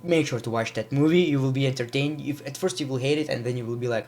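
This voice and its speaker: A man's voice: mid-range voice, quick pace, darkish tone. A man giving a casual, rambling wrestling review, with frequent restarts and repeated words. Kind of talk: casual vlog commentary.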